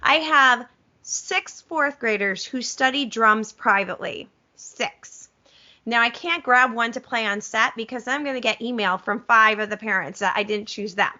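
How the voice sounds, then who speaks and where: A middle-aged woman music teacher demonstrating a curriculum in an enthusiastic webinar, animated and gushing, with self-aware asides. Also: fairly high pitch, normal speed, highs cut off.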